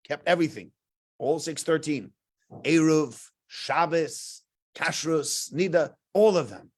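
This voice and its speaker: A man's voice: high voice, expressive, a little slow. A middle-aged man, a rabbi giving a casual sermon, telling stories in a chatty way and acting out the people in them. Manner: chatty storyteller, acts out quotes, laughs often.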